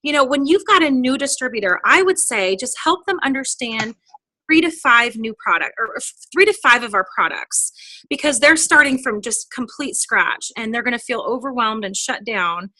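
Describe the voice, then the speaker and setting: Woman, 30s, upbeat trainer, bright and slightly high voice, dry close sound. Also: animated, normal speed, no echo. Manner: chatty and upbeat, acts out quoted dialogue. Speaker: direct sales team trainer. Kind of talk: casual motivational training talk.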